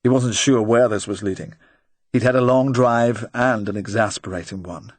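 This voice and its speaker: A man with a fairly low voice narrates a crime novel at a measured, even pace. He is close to the mic, and the recording is dry with no room sound. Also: no echo. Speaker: audiobook narrator. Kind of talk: scripted narration.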